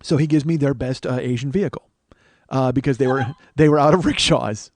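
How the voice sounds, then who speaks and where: A man's voice: medium pitch, a little fast, no room sound. A man in his forties, a comedian hosting his own show, telling a rambling, profane, self-mocking story. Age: 40s. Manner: rambling, profane, self-mocking, with lots of fillers and acted-out quotes. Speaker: comedian host. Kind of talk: comic storytelling monologue.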